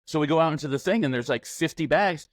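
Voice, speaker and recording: A man's voice: on the high side, quick pace, dry recording. A middle-aged man co-hosting a podcast, telling a family story in casual chat and acting out the dialogue. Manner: anecdotal, acts out family dialogue. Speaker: podcast co-host.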